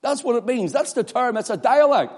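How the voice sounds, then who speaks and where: A man's voice: very high voice, expressive, fairly quick, a little mellow, breathy edge, big-room sound. A man with a Northern Irish accent preaching a sermon, building to impassioned, emphatic declarations.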